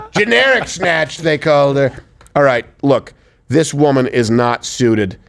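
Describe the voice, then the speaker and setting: A man with a slightly raised pitch riffs through crude political commentary in a sarcastic tone. He keeps breaking into mocking bits as he hosts from a studio. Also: very animated, slow, a crowd in the background. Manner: sarcastic, slips into mocking impressions. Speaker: show host.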